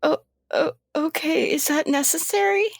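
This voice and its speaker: A woman's voice: high voice, moderate pace, vocal fry, dry recording, pitched above the performer's own voice. A woman doing a timid young asylum patient. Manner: timid, pleading, hesitant.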